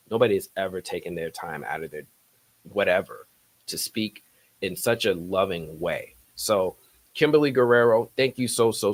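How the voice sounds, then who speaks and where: Low-voiced guy rambling on his movie blog, casual. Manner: rambling, heartfelt, thankful. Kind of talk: casual video commentary.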